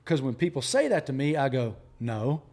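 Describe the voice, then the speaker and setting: A man from Appalachian Virginia with a Southern accent, a sports journalist telling stories with animated emphasis in an interview. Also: mid-range voice, fast. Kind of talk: storytelling interview talk.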